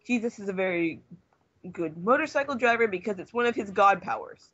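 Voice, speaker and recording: A young man reading fanfiction aloud to friends in a deadpan manner, trying not to laugh. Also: high voice, a little fast, no room sound, lo-fi sound. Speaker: reader among friends.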